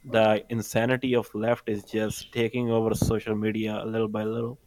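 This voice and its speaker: A man's voice: on the low side, completely flat delivery, moderate pace, a little mellow, no room sound, low-quality recording. Opinionated man chatting on stream. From South Asia. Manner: opinionated, swears freely. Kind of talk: casual chat.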